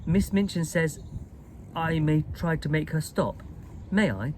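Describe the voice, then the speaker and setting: A man voicing a calm, thoughtful little girl who speaks quietly and gently. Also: on the high side, measured pace, slight background noise, voice pushed up, close to an everyday voice. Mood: hushed.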